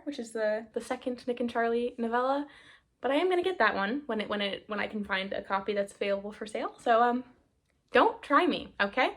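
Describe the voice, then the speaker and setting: A young woman from the United States chatting casually to camera about a book haul, rambling and interrupting herself, teary and half-crying at times. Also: on the high side. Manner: rambling, self-interrupting, laughing through tears. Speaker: book vlogger.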